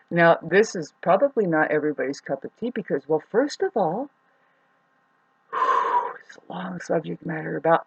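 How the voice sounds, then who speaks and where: A woman's voice: deep voice, vocal fry, husky, dry recording, muffled recording. Frustrated, swearing woman ranting. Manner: frustrated, profane, swings loud and soft. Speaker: astrology vlogger. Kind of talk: rambling monologue.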